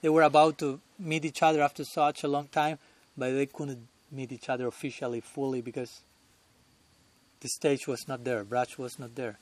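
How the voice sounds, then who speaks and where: A man's voice: mid-range voice, flat delivery, normal speed, no echo. A man giving a devotional lecture at a temple as a swami, chuckling often and talking conversationally while searching for words.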